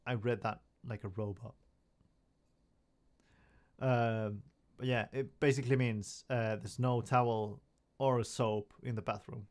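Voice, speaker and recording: A man's voice: mid-range voice, fairly even intonation, measured pace, long pauses, darkish tone. Rambling young man streaming from home. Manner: rambling, self-mocking, many restarts. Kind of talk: casual live stream chat.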